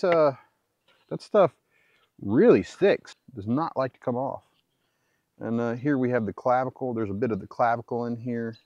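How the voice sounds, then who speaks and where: A homesteader narrates his butchering work in a medium-pitched, slightly mellow voice. The recording has no room sound and its highs are cut off. He chats casually, meanders, and corrects himself along the way.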